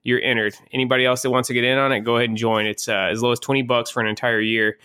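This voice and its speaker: A man's voice: medium pitch, flat delivery, rapid-fire, sharp tone, clean tone, no room sound, studio quality. A man in his thirties hosting a casual podcast, laid-back and storytelling, with a casual swear here and there. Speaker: podcast host.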